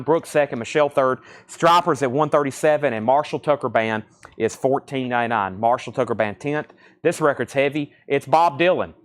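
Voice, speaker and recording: A man hosting a live online record auction, calling out titles, prices and bidders in a brisk, businesslike patter. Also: medium pitch. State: throat a bit choked, coughing.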